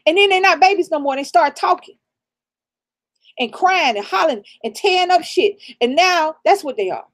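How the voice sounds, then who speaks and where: A middle-aged woman raised in the American South speaks in a very high, expressive voice at normal speed. Co-hosting a casual live stream, she hands out blunt, profane, preachy real talk and advice, laughing along the way.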